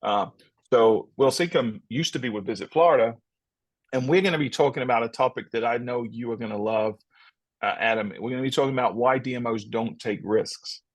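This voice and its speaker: A man's voice: mid-range voice, fairly quick, no echo. A man co-hosting a podcast, talking casually and upbeat, often repeating words as he restarts. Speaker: podcast co-host.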